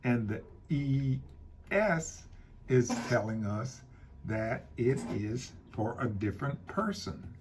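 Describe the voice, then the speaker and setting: A man teaching a Spanish grammar lesson, explaining slowly and repeating key points. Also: mid-range voice, slight background noise. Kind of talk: classroom-style grammar lesson.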